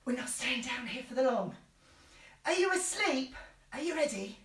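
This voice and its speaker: A woman's voice: high voice, big pitch swings, moderate pace, fairly bright tone, recorded from a distance. A woman leading small children through nursery rhymes and action songs in a playful, sing-song way. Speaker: children's sing-along leader. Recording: echoey room, a bit off mic.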